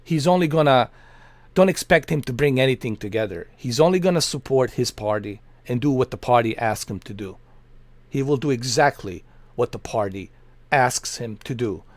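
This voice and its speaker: Middle-aged male streamer from Bosnia, mid-pitched voice, dry close sound, impassioned and repetitive rant. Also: expressive, normal speed, no echo. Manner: emphatic, repetitive, earnest. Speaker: livestream host. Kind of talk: impassioned political rant on a livestream.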